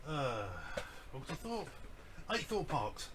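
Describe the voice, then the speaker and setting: A man's voice: fairly high pitch, sing-song, noisy background. A man from the UK co-hosting a casual vlog, mostly chiming in with short replies and laughs. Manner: brief replies and quick laughs. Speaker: vlog co-host. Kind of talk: casual chat.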